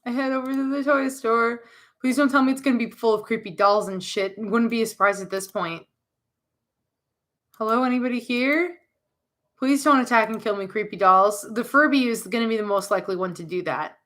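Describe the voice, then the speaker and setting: A woman's voice: medium pitch, brisk, a bit bright. A young woman streamer who makes jokey, jumpy commentary as she plays a horror game.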